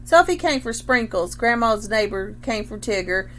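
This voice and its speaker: A woman with a slightly high voice reads a children's picture book aloud, lively and expressive, pausing to have young listeners look at the pictures and think about the story. A faint hum runs underneath. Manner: expressive, stops to ask questions and point at pictures. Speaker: read-aloud reader.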